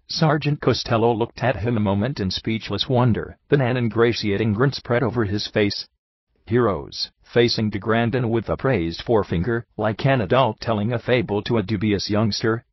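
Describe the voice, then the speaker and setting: A man reading a story aloud in measured scripted narration, on a dull, dry, lo-fi recording. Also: lowish voice, husky, no echo. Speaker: audiobook reader.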